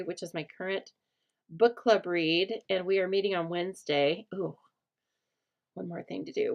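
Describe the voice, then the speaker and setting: A middle-aged American woman hosting a casual crafting chat, talking aloud as she works and often dropping to a soft murmur. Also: on the low side, gravelly, highs cut off. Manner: chatty, thinks aloud, drops to a soft murmur while working. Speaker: craft host.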